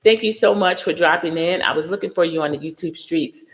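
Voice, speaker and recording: A woman's voice: on the low side, a little fast, in a large hall. A middle-aged woman hosting a casual livestream, chatting and greeting viewers by name. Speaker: livestream host.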